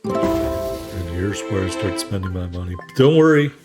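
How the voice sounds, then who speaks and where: A tired man narrates his gameplay in a casual, chatty way, often apologizing to viewers. His voice sits fairly low. Loud game music plays under his talk. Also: little pitch movement, unhurried. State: tired and yawning. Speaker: gameplay video host. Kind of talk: casual let's play commentary.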